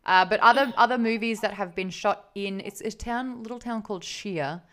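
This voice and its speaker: An Australian woman in her thirties, a podcast guest, telling animated anecdotes and laughing often in casual chat. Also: mid-range voice, normal speed.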